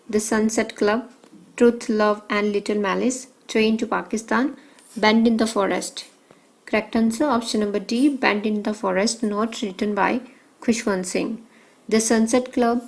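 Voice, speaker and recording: A woman teacher working through exam questions, reading out options and answers in short measured phrases. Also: medium pitch, rough recording.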